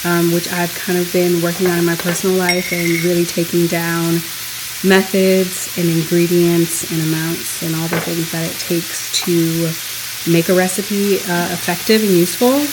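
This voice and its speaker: A woman talks through her home cooking in a loose, chatty way, rambling from one thought to the next and laughing now and then. Her voice sits a little low for a woman. The sound of a pan frying and sizzling comes through clearly behind her. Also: flat delivery, moderate pace, background noise. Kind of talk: casual voice-over chat. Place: home kitchen.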